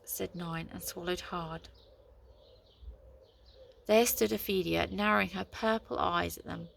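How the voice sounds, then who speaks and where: A woman reading a storybook aloud in a lively, expressive way. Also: lowish voice, moderate pace, vocal fry, a little hiss or hum.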